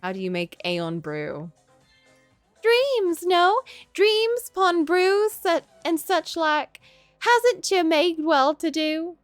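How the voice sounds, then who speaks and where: A woman's voice: extremely high pitch, very animated, takes it slowly, dry recording, soft background music, voice pushed up, heavily acted. A woman voicing a quaint young magical girl in a put-on mock Scottish accent, with archaic, flowery and muddled phrasing. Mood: whimsical. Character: quaint young female magical girl with garbled old-fashioned talk.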